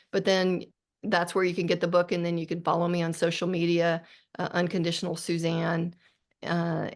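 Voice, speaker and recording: In a low, creaky voice, a middle-aged woman speaks as an author guest on a podcast interview. She talks earnestly and reflectively, often restarting her sentences.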